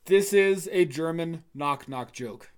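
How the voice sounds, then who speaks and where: Male podcast co-host, slightly higher voice, wry and profane with deadpan delivery. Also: takes it slowly, clean tone. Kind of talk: casual chat.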